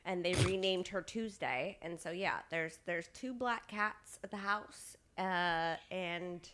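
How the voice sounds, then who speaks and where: A woman's voice: lowish voice, takes it slowly, a bit bright. A woman co-hosting a morning radio show in a studio, playful and eager. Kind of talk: casual morning radio chat.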